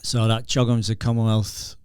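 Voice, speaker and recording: A former explosive detection dog handler, a middle-aged man with a Northern English accent, tells stories as a guest on a casual podcast, laughing and restarting a lot in chatty fashion. His lowish voice is darkish, clear and resonant, level and unhurried, captured in studio quality with no room sound.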